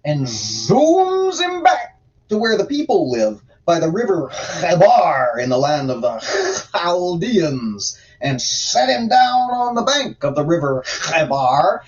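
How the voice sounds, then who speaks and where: A man's voice: fairly high pitch, sing-song, slow pace, recorded from a distance, lo-fi sound. A man hosting a livestream, reading scripture aloud and adding sarcastic, profane commentary in a drawling manner.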